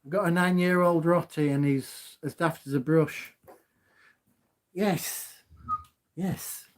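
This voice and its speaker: A man chatting loudly and cheerfully on a live stream from home into his phone, laughing often. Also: a little high, fairly even intonation, slow. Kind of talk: casual live stream chat.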